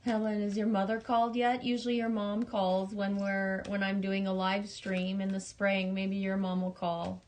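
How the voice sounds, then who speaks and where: Halting, rambling woman livestreamer. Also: mid-range voice, monotone. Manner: halting, rambling, with many restarts and swearing; affectionate, talking straight to viewers. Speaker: livestream host. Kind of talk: casual livestream chat reading viewer messages.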